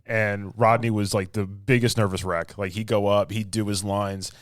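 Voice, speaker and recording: A man from Long Island hosting a podcast, telling lively stories and acting out quotes. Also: on the low side, normal speed, no room sound, studio quality. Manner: animated storyteller, acts out quotes. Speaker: podcast host. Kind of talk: casual chat.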